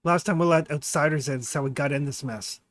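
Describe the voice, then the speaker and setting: A man voicing a gruff old dwarf matriarch. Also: on the high side, brisk, lightly acted. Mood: scornful. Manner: blunt, curt, dismissive.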